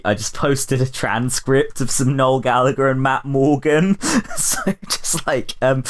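A man hosting a podcast in casual chat, rambling, swearing and laughing often. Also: mid-range voice. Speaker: podcast host.

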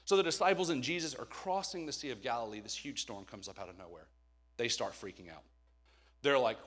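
A man in his thirties preaches in a lively, storytelling way, jumping from loud emphatic bursts to hushed asides. His voice sits at an ordinary middle pitch for a man. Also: brisk. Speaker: pastor. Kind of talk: sermon.

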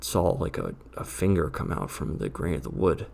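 A man's voice: a bass voice, big pitch swings, moderate pace, creaky, few pauses, darkish tone, breathy edge. A man improvising a comic monologue as a jittery tavern keeper, rambling and often dropping to a nervous whisper. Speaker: storyteller playing a tavern keeper.

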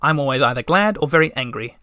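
A man's voice: medium pitch, animated, quick pace, sharp tone, no echo, clean studio sound. A man reading aloud and voicing a small, fierce girl creature with a blunt, perky way of talking.

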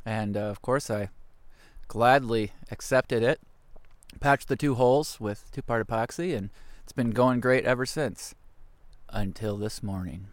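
A man co-hosting a trip podcast outdoors, telling stories excitably and laughing often. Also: mid-range voice, unhurried, no room sound. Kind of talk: casual chat on a canoe trip.

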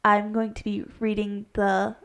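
A woman's voice: mid-range voice, monotone, measured pace, fairly bright tone. A woman co-hosting a casual podcast, rambling and correcting herself as she explains tabletop game lore, laughing often. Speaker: podcast co-host, game master. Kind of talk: casual chat.

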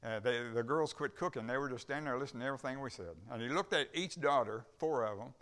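An older man, a visiting preacher, tells a folksy story during a church service, rambling along and acting out the dialogue as he goes. His mid-range voice moves fast and has a fairly bright tone, fitting this kind of folksy sermon testimony.

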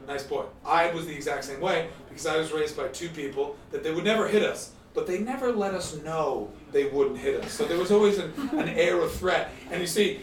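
A man from Canada doing stand-up comedy with crowd work, telling stories in an animated, chatty way. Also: on the high side, fairly quick, hardly any pauses. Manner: animated, chatty storytelling with frequent laughs. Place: live comedy venue with an audience. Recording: roomy, distant stage sound.

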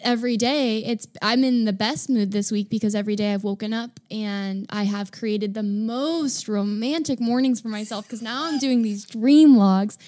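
A woman co-hosting a podcast in a chatty, upbeat manner. Her voice sits a little high. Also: moderate pace, few pauses, mellow. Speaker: podcast co-host. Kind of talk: casual conversation.

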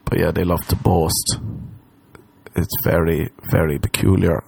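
A man's voice: low-pitched, little pitch movement, a little slow, creaky, darkish tone, slightly rough. A man, a podcast host, telling rambling, profane comic stories in a casual monologue. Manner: rambling, profane storytelling that slips into mock voices. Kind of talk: comedic monologue.

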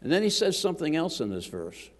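Man preaching a lively sermon in a hall. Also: fairly high pitch, quick pace. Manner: lively, jokes with the congregation, calls for amens. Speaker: guest preacher. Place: church sanctuary. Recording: long hall reverb.

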